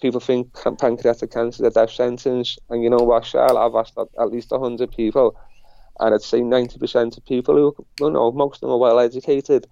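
Middle-aged scouse guy rambling thru a story in an interview, mellow low-ish voice, dull dry recording. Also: little pitch movement, brisk, vocal fry, dry recording. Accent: Liverpool. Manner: rambling, chatty, repeats himself. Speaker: interview guest. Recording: dull lo-fi sound.

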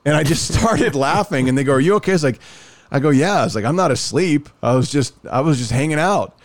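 A man's voice: on the high side, fairly quick. A man in casual podcast chat, telling a long personal story and acting out the other people's lines. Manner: animated, acts out quoted dialogue.

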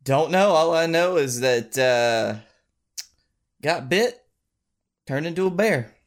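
A man's voice: a little high, lively intonation, slow. A man playing a clumsy male zombie influencer making a stammering, mock-sorry apology. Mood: sheepish.

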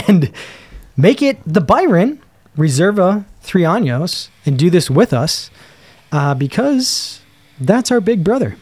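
A man co-hosting a casual podcast, talking excitably and enthusiastically, often trailing off mid-sentence as he hunts for words. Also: sits high, slow pace, husky, no room sound. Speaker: podcast co-host reviewing cigars. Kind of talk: casual chat.

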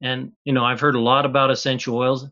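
A man's voice: medium pitch, level tone, fast talker, sharp tone, highs cut off. A man, a chemist guest on an interview, patiently explaining step by step in plain words.

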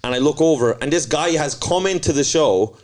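A man's voice: a little high, brisk. Profane ranting man telling a story. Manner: profane, ranting, animated retelling. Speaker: comedian. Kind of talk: casual storytelling chat.

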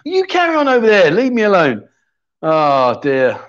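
A man runs a quiz on his casual livestream, ribbing the people in the chat. His voice sits on the high side and leaps about with lively swings. The sound is dull and lo-fi, as from a streaming setup. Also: moderate pace. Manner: cheeky banter with viewers in chat. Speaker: livestream chat show host.

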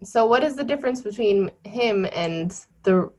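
A woman's voice: medium pitch, expressive, normal speed, a little mellow. Curious woman in casual chat. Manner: curious, asks questions, laughs along.

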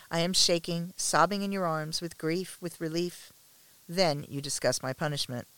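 A woman reading a first-person story aloud with a measured, restrained delivery and tense pauses. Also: fairly low pitch, a bit bright, dry recording.

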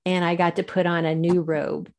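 Lively low-voiced woman telling her story. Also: normal speed. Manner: animated storyteller, laughs often, acts out quoted voices. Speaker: guest. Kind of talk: faith-based interview storytelling.

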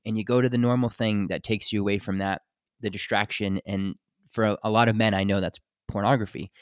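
Podcast host, male, low voice, dry close sound, candid and loose, swears freely. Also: fairly even intonation, brisk, clean tone, no echo. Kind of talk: casual conversation.

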